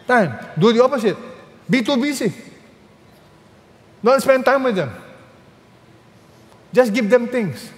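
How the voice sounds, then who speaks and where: A male pastor preaching a sermon, animated, calling on his congregation to read aloud with him. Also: high voice, in a large hall.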